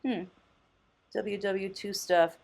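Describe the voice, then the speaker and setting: A woman's voice: medium pitch, steady tone, slow pace, gravelly. A chatty woman thrift vlogger with a mid-range voice, talking in a casual, off-the-cuff way. She muses aloud, exclaims with delight and laughs easily as she goes along. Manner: muses aloud, thinking out loud. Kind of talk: casual vlog commentary.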